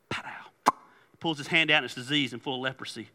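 A male pastor preaching an animated sermon, joking and acting out dialogue with big jumps between loud and quiet. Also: on the high side, fast talker, in a large hall. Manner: animated, jokey, acts out dialogue in big swings of loudness.

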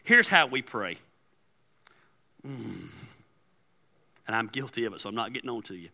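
A man preaching a sermon as pastor, animated and acting out quoted prayers. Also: mid-range voice, normal speed, gravelly, long pauses. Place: large church hall. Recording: long hall reverb.

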